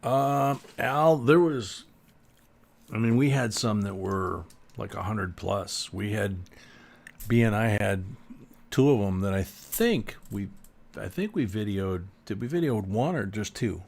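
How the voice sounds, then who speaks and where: A man's voice: on the low side, a little slow, gravelly, a little mellow. A man hosting a casual live coin stream, chatting and reading viewer comments aloud.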